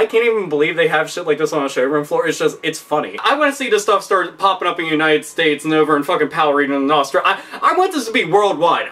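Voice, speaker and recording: A man's voice: a little high, sharp tone, recorded from a distance. A man ranting in a profane, rambling comedic commentary, laughing often. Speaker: vlogger.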